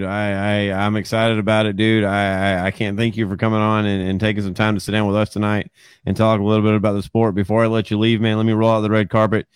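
A young man hosting a casual podcast, relaxed and stammering, often repeating words and calling people dude and man. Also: lowish voice, clean tone, no echo. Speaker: podcast host.

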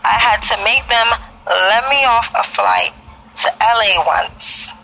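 Lady putting on a sweet southern drawl for a motherly star's wife, soothing and a bit gravelly. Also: on the high side, slow, bright, forceful tone, soft background music, exaggerated voice, poor audio. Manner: soothing, reassuring. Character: kindly motherly country star's wife, woman.

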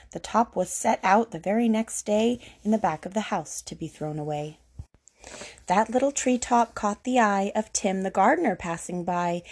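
A woman reading a rhyming picture book aloud in a lilting, gently expressive way. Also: mid-range voice. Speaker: storyteller.

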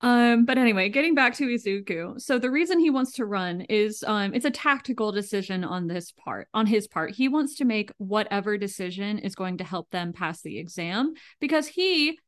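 A woman's voice: medium pitch, expressive, normal speed, hardly any pauses. A stuffy-nosed woman co-hosts a podcast, recapping an anime in easy casual chat. She jokes around and laughs often. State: congested. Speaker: podcast co-host.

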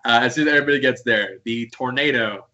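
A man with a bright, forceful voice chats casually as a podcast co-host, retelling an episode and laughing as he goes. He slips into quick put-on voices for quoted lines. The audio is a little dull and lo-fi. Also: medium pitch. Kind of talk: casual recap chat.

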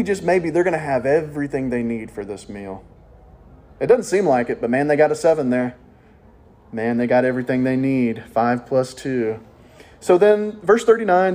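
A preacher giving a sermon in church, telling the story in a lively, jokey way and often checking in with his listeners. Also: fairly high pitch, normal speed, breathy edge.

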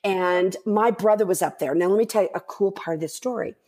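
Podcast guest, woman, animated storyteller who acts out the voices of others. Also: medium pitch, brisk, husky. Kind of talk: casual storytelling.

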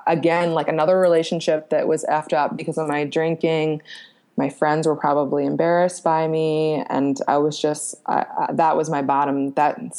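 Speaking in a low-pitched, creaky and slightly mellow voice, a young Pennsylvania woman tells a personal story openly as a guest on a podcast. She fills it with fillers, casual curses and self-deprecating laughter.

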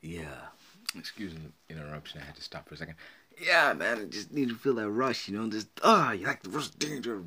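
A man hosting a solo podcast, rambling and swearing as he excitedly retells old video game memories. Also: deep voice, fairly quick. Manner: rambling, profane, excited storytelling. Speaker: podcast host. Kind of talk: casual solo podcast talk.

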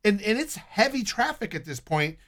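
A man's voice: high-pitched, big pitch swings, moderate pace, a bit bright. A man in casual podcast chat, talking bluntly, swearing freely, and laughing often.

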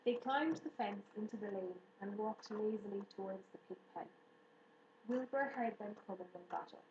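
A woman narrating an audiobook in a steady, even storytelling manner. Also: mid-range voice, moderate pace, lo-fi sound. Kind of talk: audiobook reading. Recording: roomy room echo, faint hiss.

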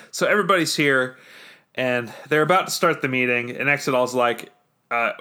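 A man narrates a tabletop game as its game master, rambling on with fillers and restarts. His voice sits at an ordinary middle pitch. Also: normal speed, pushed and bright, clear, resonant tone.

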